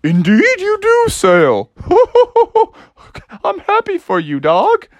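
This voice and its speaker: A laid-back, friendly male otter from a children's storybook, speaking in easy slang with a raised, lilting voice, as a woman puts him on. He sounds relaxed and good-natured. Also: on the high side, measured pace, dry recording, voice pushed up. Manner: easygoing, slangy.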